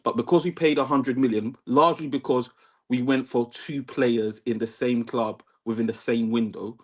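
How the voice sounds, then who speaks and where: Level-headed measured man caller. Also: mid-range voice, steady tone. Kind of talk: casual football chat.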